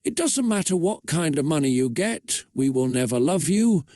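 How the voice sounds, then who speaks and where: A man's voice: a little high, expressive, normal speed, mellow, no echo, clean studio sound, lightly acted. A man reading out a desperate teenage girl who pleads and curses.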